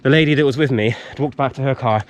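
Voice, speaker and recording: A medium-pitched man talks fast on a vlog out in a wood, a bit tired from running. His story comes out rambling and animated, with fillers all through it.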